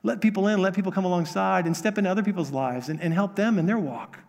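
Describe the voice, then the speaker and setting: A man's voice: high-pitched, quick pace, creaky, a little mellow, in a large hall. A man preaching a sermon as pastor, earnest, repeating key phrases for emphasis.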